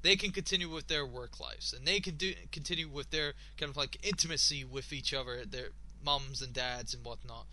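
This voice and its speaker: A man hosting a radio show, ranting and swearing in exasperation, his voice slightly hoarse. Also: medium pitch, brisk, hardly any pauses, pushed and bright, slight background noise. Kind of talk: casual solo radio talk.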